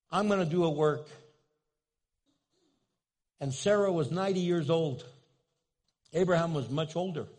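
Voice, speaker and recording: A man's voice: high voice, moderate pace, pauses often, a little mellow. A man preaching a sermon in a church, telling a story with humor and asking his listeners questions. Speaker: pastor.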